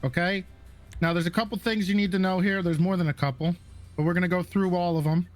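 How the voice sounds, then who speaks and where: A man with a high-pitched voice runs police recruits through a lesson during game roleplay. He explains things casually, stopping often to check the class understands. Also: steady tone, quick pace, soft background music. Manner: casual, repeats "okay" and "right" to check understanding. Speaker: police academy instructor in a roleplay server.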